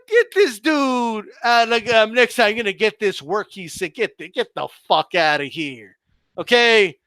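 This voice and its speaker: A man's voice: extremely high pitch, sharp tone, no echo. A man hosting a boxing livestream, ranting heatedly with profanity and stammering restarts.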